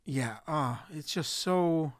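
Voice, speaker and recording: A young man talks through a solo podcast episode in a loose, profane rant. His voice sits a little high for a man, and he gets exasperated often. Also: slow. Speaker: podcast host.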